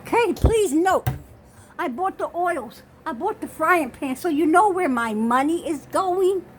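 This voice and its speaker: An older woman gives an expressive, breathless tour of her small kitchen, speaking slowly in a high voice into the phone she holds. She is insistent and says "okay" over and over, while a faint hum fills the room.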